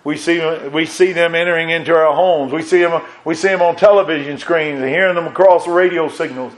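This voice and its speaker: A man's voice: fairly high pitch, steady tone, a little fast, rough recording. A middle-aged man preaching a sermon as pastor, earnest, repeating phrases and quoting scripture in old wording.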